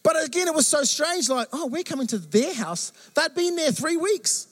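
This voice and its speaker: A man preaching a sermon, telling stories with lively acted-out quotes and jokes. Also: extremely high pitch, moderate pace. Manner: animated storytelling with acted quotes. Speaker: pastor.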